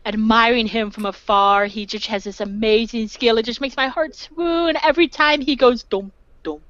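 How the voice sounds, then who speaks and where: A woman's voice: on the high side, normal speed, a bit bright, no echo. Swooning woman player, dry lo-fi sound. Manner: swooning and giggly. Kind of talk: in-character tabletop play.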